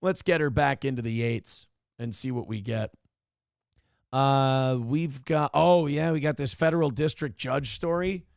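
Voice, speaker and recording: A man's voice: mid-range voice, unhurried, gravelly, no echo, clean studio sound. A man hosting a casual live stream, reading chat messages aloud and reacting in a profane, sarcastic, rambling way. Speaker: show host.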